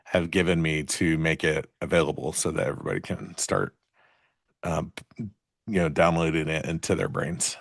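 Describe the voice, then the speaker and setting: A man's voice: a bass voice, fairly even intonation, moderate pace, vocal fry, no echo, clean studio sound. A man co-hosting a live trading stream, talking in a laid-back, rambling way with lots of fillers. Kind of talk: casual chat.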